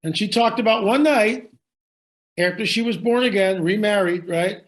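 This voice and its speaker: Guy with a high voice spinning a wild story, really emphatic, keeps repeating stuff. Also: moderate pace. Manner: emphatic, dramatic, repeats phrases for effect. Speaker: guest storyteller. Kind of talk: conversational storytelling.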